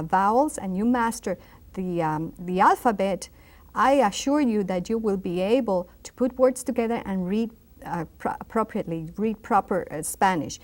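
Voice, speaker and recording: A woman's voice: mid-range voice, a little mellow. A woman teaching a televised language lesson, patiently repeating and spelling out each word. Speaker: Spanish teacher.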